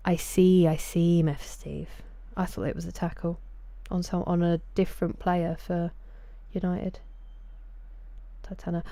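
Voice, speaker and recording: Low, mellow Sussex woman streaming. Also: level tone, measured pace, dry recording. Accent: Sussex English. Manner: chatty, greets viewers by name. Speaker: game streamer. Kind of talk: casual live-stream chat.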